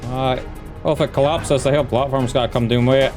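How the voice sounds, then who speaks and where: A man's voice: medium pitch, steady tone, fast talker, music in the background. A Scottish man commenting on a horror game playthrough with sweary, joking reactions. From Scotland. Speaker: gaming YouTuber.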